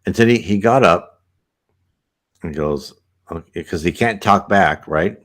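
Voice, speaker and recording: A man's voice: sits low, unhurried. A man reading a book aloud and breaking off into conversational asides, with many restarts. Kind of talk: reading with commentary.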